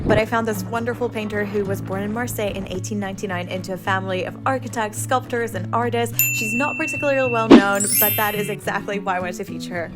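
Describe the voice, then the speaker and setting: A woman's voice: mid-range voice, quick pace, hardly any pauses. A young woman talking casually to a handheld camera as a travel vlogger, upbeat and chatty, often laughing. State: out of breath walking uphill. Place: outdoors and indoors while traveling. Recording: music playing underneath.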